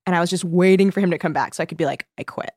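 Young woman, low voice, dry mic, animated chatty storyteller who swears freely. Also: racing, slightly rough, dry recording. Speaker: podcast co-host. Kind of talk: casual chat.

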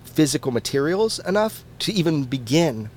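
A man being interviewed as a podcast guest, who talks in an animated and casual way, swears freely and often restarts his words. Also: fairly high pitch, moderate pace, a little hiss or hum.

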